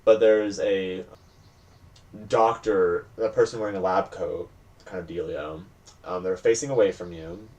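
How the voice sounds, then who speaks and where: A man narrating as game master of a tabletop horror game, telling the scene in a relaxed, rambling way. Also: deep voice, measured pace, dull audio. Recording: distant mic with faint hiss.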